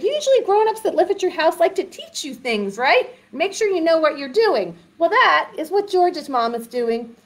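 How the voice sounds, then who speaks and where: A woman librarian leads a children's storytime in a high, bouncing, sing-song voice. She speaks slowly and clearly, drawing the little ones in with questions. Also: a bit bright.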